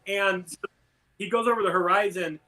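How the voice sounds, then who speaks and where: Bright high-voiced man rambling through jokes. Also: steady tone, normal speed. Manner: rambling storyteller, many fillers. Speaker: podcast co-host. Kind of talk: casual chat, telling jokes.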